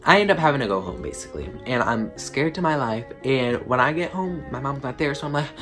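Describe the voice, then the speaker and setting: A teenage boy with an ordinary mid-range voice tells a casual storytime to his channel. He rambles, piling on fillers and "like" as he goes. Clear background music runs under his voice. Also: mid-range voice, animated, brisk, a bit bright. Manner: rambling, filler-heavy, lots of "like". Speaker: vlogger.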